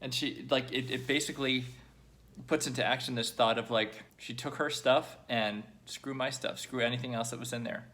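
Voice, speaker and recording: A young man recording a personal video diary, halting and emotional, choked up at times and pausing often with fillers. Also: mid-range voice, steady tone, a bit bright. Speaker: vlogger.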